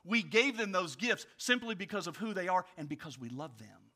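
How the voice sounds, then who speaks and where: A male pastor preaching a sermon, asking his congregation direct questions and swinging from loud storytelling to quiet reflection. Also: sits high, normal speed. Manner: animated storytelling, rising loud for anecdotes, dropping quiet for reflection.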